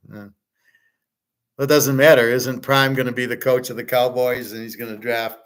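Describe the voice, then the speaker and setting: A man's voice: mid-range voice, a bit bright, clean tone. A man hosting a casual livestream, answering viewers' chat questions in a blunt, opinionated, rambling way.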